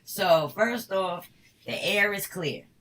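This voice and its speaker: Woman with a New York accent, tarot reader, bright forceful tone, blunt profane slang. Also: medium pitch, slow, distant mic, low-quality recording. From Harlem, New York. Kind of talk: casual tarot reading commentary.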